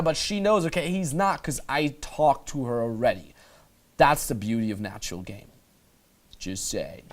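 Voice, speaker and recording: Energetic dating coach breaking down footage. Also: male voice, fairly high pitch, normal speed. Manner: casual, emphatic, swears freely. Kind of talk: voice-over commentary breaking down footage.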